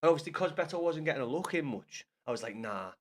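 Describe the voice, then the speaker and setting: Young Scouse streamer, loose rambling match chat to viewers, pitch a touch high. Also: male voice, animated, rapid-fire. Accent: Liverpool Scouse. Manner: rambling, swears often, talks to chat viewers by name. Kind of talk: casual live-stream football chat.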